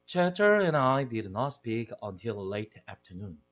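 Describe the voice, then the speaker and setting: A man with a Korean accent, an English teacher, expressively reading a children's novel aloud in a deliberate storytelling manner. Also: mid-range voice, big pitch swings.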